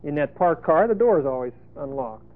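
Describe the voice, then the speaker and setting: A male preacher giving a folksy sermon, emphatic, with sudden loud bursts and asides. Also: a little high, animated, brisk. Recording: tinny phone-like lo-fi sermon tape.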